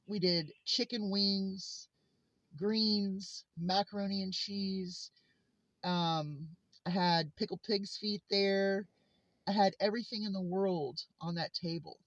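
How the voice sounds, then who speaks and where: A woman vlogger with a fairly low voice shares personal stories in a heartfelt, earnest, casual monologue. There's no room sound, though the lo-fi recording is slightly muffled.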